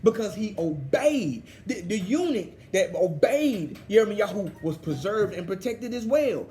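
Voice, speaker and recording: A man teaching a scripture study, excited and fervent in a preachy way. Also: high-pitched, unhurried, a little hiss or hum. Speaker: Bible teacher.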